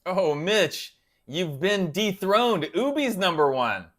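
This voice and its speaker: A man's voice: sits high, very animated, slow pace, a bit bright. A man hosting a casual livestream, chatting loosely and answering viewers by name. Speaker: guitar channel host reading live chat.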